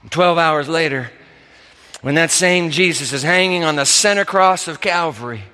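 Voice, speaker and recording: A man's voice: a little high, normal speed, bright, forceful tone. A male pastor preaching a dramatic sermon in a church, acting out the voices he quotes. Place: church sanctuary. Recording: reverberant hall.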